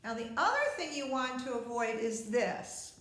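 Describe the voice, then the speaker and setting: A woman's voice: fairly high pitch, animated, normal speed, very echoey, very noisy. A woman teaching a beginner recorder lesson, patient and step by step, speaking straight to the viewer. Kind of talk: instructional video lesson.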